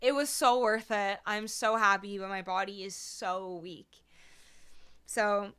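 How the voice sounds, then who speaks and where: A woman's voice: medium pitch, fairly even intonation, takes it slowly, a bit bright, clear, resonant tone. A woman musician livestreaming, chatting casually and bubbly with her viewers, a little tired and her voice not at full strength. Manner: bubbly, laughing, talking to chat.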